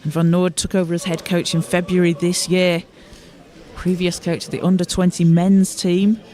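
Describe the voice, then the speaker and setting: A male play-by-play commentator calls a basketball game live from courtside. His voice sits high for a man, and his delivery is steady and informative. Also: normal speed. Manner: steady, informative, with occasional restarts.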